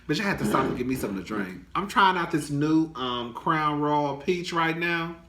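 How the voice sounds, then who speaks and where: A man's voice: animated, moderate pace, a bit bright. A young man vlogging casual gossip, dramatic and chatty, profane, calling his viewers girl. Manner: dramatic and chatty, swinging high and low. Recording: echoey room.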